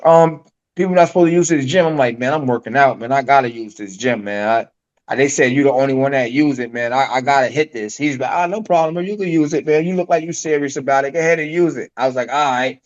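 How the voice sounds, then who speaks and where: A man's voice: mid-range voice, fast, muffled recording. Slangy man telling his story. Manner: street slang, acts out quoted dialogue. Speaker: podcast guest. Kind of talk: casual storytelling.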